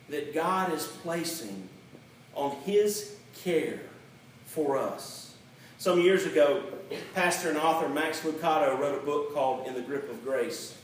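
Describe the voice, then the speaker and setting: Male pastor, high voice, slow, emphatic sermon; heavy echo, distant mic. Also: slight background noise. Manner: emphatic, with slow deliberate stresses on key words. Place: church sanctuary. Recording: very echoey hall, mic set back.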